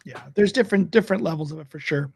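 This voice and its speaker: A man's voice: a little high, racing, a little mellow, husky, no room sound, clean studio sound. A man co-hosting a casual political chat podcast, chatty and wry. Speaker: podcast co-host.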